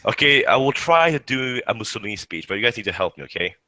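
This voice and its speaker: A man's voice: medium pitch, big pitch swings, fast, pushed and bright. A man co-hosting a casual podcast, joking around and swearing with friends. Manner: swearing, laughing, playful. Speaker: podcast co-host. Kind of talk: casual chat.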